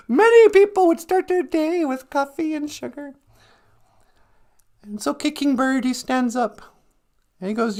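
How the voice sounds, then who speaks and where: Man, livestream host, rambling comic storytelling, gravelly voice, high pitch. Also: takes it slowly, pauses often, darkish tone. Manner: rambling, jokey, self-correcting.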